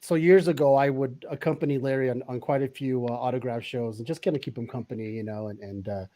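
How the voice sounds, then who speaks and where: A man's voice: medium pitch, fairly even intonation, quick pace, mellow. Rambling, eager male podcast host. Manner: rambling, filler-heavy, eager. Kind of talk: casual chat.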